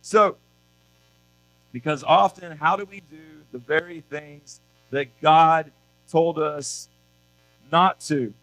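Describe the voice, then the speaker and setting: A man's voice: on the high side, slow, long pauses, a bit bright, poor audio. A man preaching a youth sermon at a church service in a casual, conversational way, often tossing in rhetorical questions. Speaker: youth pastor.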